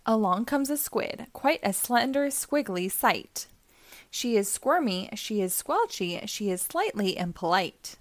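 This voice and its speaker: A woman's voice: mid-range voice, lively intonation, unhurried, dry recording. A woman hosting storytime, reading a rhyming children's book aloud in a sing-song manner. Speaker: storytime host.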